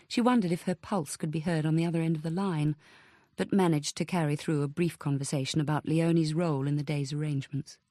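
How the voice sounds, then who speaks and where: A woman reads scripted audiobook narration in a measured, even storytelling style. Her voice is lowish, and the clean studio recording carries no room sound.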